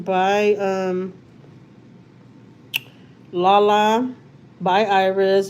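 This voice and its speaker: A chatty woman with a Texan accent talks to her viewers on a home livestream and answers their comments. Her voice sits a little low for a woman. A faint hiss runs under the recording. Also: normal speed, darkish tone. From Houston, Texas. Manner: chatty, reads out viewer comments, says y'all often. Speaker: livestream host. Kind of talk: casual live-stream chat.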